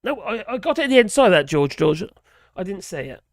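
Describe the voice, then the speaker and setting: Male streamer, hoarse and gravelly, casual rambling host who chuckles and trails off. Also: high voice, big pitch swings, quick pace, no echo, clean studio sound. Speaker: livestream host reading viewer chat. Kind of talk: casual live-stream chat.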